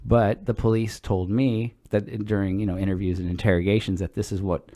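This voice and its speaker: A middle-aged man with a fairly low voice, co-hosting a casual chat podcast. He tells long stories in a loose, rambling way, dropping swear words as he goes. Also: a little fast. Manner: relaxed, rambling, swears freely. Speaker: podcast co-host.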